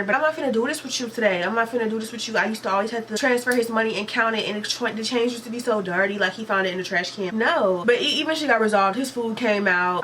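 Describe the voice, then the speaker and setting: A woman, retelling work stories in an animated, exasperated, slangy way. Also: mid-range voice, a little hiss or hum. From Atlanta, Georgia. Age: late teens. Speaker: vlogger. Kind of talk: storytime vlog.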